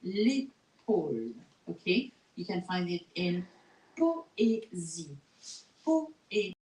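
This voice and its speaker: A woman's voice: fairly low pitch, big pitch swings, darkish tone. A woman teaching French pronunciation in a recorded lesson, patiently repeating each word and checking in with "okay?". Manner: patient, repeats words slowly, tags "okay?". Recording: echoey room, faint noise.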